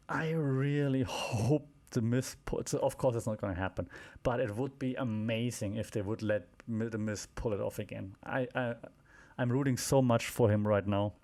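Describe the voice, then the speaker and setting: A man's voice: mid-range voice, darkish tone. A man hosting a wrestling podcast, recapping shows in a casual, rambling way with many fillers, restarts and wry asides.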